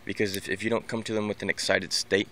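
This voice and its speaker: A man whose voice sits on the low side talks fast in a level tone that sounds pushed and bright, with slight background noise. In this casual, unscripted vlog he offers tips on training his dog, rambling and repeatedly restarting and repeating words.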